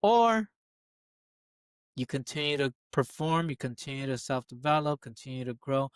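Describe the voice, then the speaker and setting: A man in casual podcast chat, animated and swearing freely, repeating phrases for emphasis. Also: medium pitch, smooth, dry recording. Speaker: podcast co-host.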